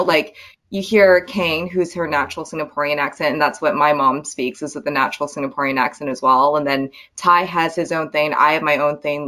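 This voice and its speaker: A woman actress as interview guest, talking in a relaxed, friendly way with plenty of "like" and "um". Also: low-pitched. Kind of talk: casual interview chat.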